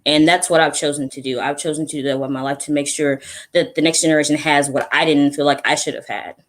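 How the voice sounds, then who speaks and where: A man speaking as a guest, giving earnest, reflective advice in a measured way. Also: on the high side, fairly even intonation, fairly bright tone.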